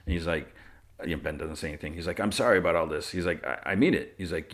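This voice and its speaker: A man's voice: low voice, fairly even intonation, quick pace, fairly bright tone. A man hosting a podcast, casually recapping a TV episode and quoting the characters' lines in his own voice. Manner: retells scenes, quoting lines in his own voice, with fillers and laughs. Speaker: podcast host.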